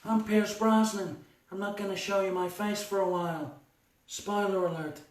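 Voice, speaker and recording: A man's voice: high-pitched, steady tone, normal speed, close to an everyday voice. A man putting on a smug, suave male British spy with dry, self-mocking asides. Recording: echoey room, distant mic.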